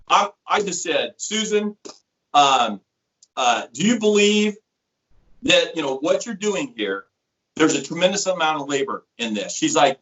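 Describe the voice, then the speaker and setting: This muffled clip features a middle-aged sales rep whose voice sits on the high side and moves a little slowly. During a casual interview he tells stories, walks through products, and brings quoted voices to life.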